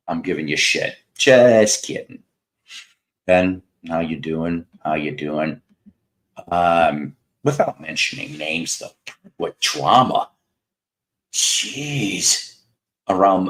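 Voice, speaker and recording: Brief: fifties male livestream host, Mid-South American accent, very deep voice, rambling sardonic chat with viewers, unhurried delivery. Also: fairly bright tone. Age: 50s.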